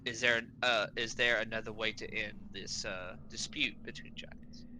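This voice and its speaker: Bright-voiced man thinking aloud at play. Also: on the low side, steady tone, moderate pace, slight background noise, poor audio. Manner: thinking aloud, restarting sentences. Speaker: player. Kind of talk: casual tabletop game chat.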